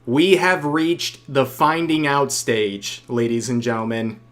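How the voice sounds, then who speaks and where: A man's voice: mid-range voice, fairly even intonation, takes it slowly, a bit bright. A man hosting a stream, mocking a clip in casual reaction commentary and reading donations aloud. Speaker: streamer host.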